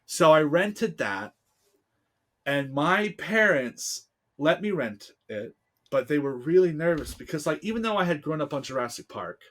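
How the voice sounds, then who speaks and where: Sing-song and a little slow, this man's voice sits on the high side with some brightness. He's an American podcast guest in his 30s telling a heartfelt personal story in casual interview chat, using lots of fillers.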